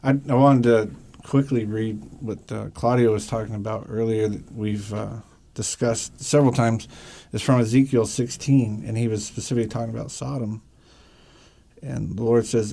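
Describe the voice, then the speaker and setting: A man's voice: lowish voice, fairly even intonation, moderate pace, vocal fry, mellow. A man hosting a radio talk show, agreeable and reading scripture aloud.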